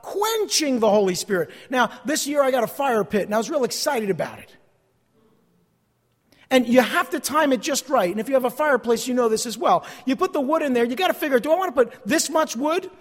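Male pastor, very high voice, emphatic sermon, repeated phrases, loud then hushed, long hall reverb. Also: animated, a little fast.

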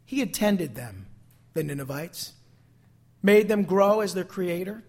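Male preacher, high register, questioning and dramatic sermon delivery. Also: expressive, measured pace, darkish tone. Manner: rhetorical questions to the congregation, dramatic acted quotes.

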